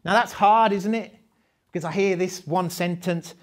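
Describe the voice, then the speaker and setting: A man's voice: high voice, steady tone, normal speed. Chatty male trainer asking rhetorical questions. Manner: conversational, rhetorical questions, laughs often. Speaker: teacher trainer. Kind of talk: live training session.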